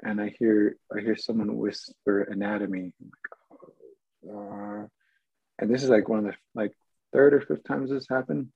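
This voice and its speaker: A man with a gravelly, slightly husky voice tells stories in a loose, rambling way, often stopping to restart his sentences. He sounds amused by his own anecdotes. The recording is dry and a little dull. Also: medium pitch, very animated, normal speed, no room sound. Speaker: actor guest. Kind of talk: casual storytelling.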